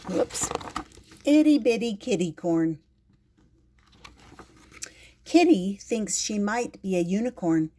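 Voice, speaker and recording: An older woman reads a picture book aloud, gentle and unhurried. She takes her time over every line. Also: medium pitch, lively intonation, a little hiss or hum. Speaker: storyteller.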